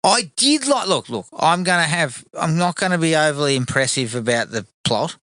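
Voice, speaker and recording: A man's voice: a little high, moderate pace, no echo, studio quality. Laid-back man chatting films. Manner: relaxed, sweary, agreeable. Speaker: podcast co-host. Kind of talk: casual film review chat.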